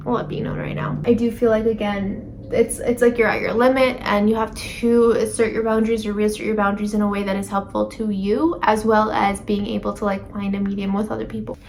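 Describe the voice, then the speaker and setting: A woman's voice: medium pitch, little pitch movement, a little fast, hardly any pauses, darkish tone, a little hiss or hum. A woman giving a casual tarot reading to camera, rambling with lots of fillers and self-corrections. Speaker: tarot reader.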